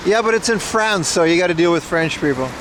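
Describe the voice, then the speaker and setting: A man's voice: high voice, brisk. Blunt, profane young streamer guy. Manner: blunt, profane, bro-ish banter. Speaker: livestream host. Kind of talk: casual live-stream chat. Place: outdoors on a city street. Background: faint street and traffic noise.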